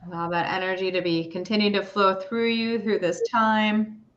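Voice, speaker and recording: Gentle rambling woman on a lo-fi stream. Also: medium pitch, flat delivery, normal speed. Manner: gentle, rambling, casual with soothing guidance. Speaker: spiritual reader and stream host. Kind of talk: guided meditation and tarot reading livestream. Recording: dull lo-fi stream audio.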